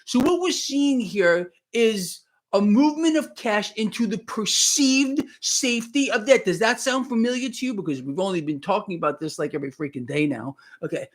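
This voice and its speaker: A man hosting a live stream about the markets, talking bluntly and with animation. His voice sits high for a man, and he laughs at panicked traders and answers viewer comments as they come in. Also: moderate pace. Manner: blunt, animated, swears mildly, mocks and laughs; reads viewer comments aloud. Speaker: market commentator, show host.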